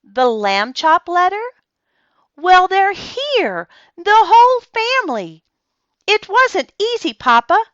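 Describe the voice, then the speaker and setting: A woman voicing a chatty, excited little girl who rambles breathlessly in a storybook reading. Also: very high voice, slow pace, no room sound, dull audio, pitched above the performer's own voice, exaggerated voice. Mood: eager.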